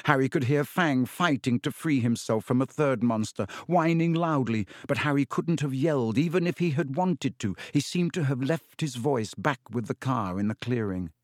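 A man narrating a storybook in a steady, even way, at a middle pitch for a man. He is recorded close on a studio mic, and the sound is dry, with no room echo. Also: normal speed, hardly any pauses. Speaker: audiobook narrator. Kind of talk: scripted narration.

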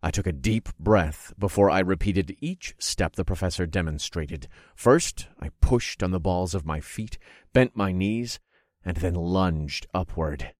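A man narrating a fantasy story in first person, steady and expressive. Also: low-pitched, dry recording, studio quality. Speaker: audiobook narrator.

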